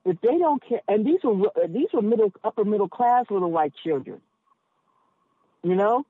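A woman's voice: mid-range voice, animated, moderate pace, dry recording. A woman who drives a cab, talking frankly and emphatically as a podcast guest, thinking aloud with plenty of asides. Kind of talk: candid conversation as a podcast guest. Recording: tinny phone line, dry.

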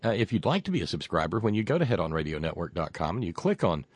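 Male radio host, low voice, dry close sound, rambling folksy pitch with lots of restarts. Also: very animated, breathy edge, no echo. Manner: rambling, halting, many fillers and restarts. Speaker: radio talk show host. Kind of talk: casual on-air talk and fundraising pitch.

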